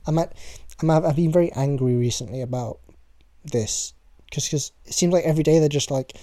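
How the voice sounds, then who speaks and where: Young British host, casual solo podcast, warm tone, chatty and sweary. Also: mid-range voice, normal speed, no room sound. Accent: British English. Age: young adult.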